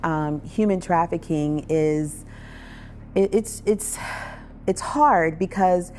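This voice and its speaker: A woman earnestly telling her own story as a survivor advocate, with restarts, over soft music. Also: lowish voice, slow, a little hiss or hum. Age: adult parent. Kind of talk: personal testimony.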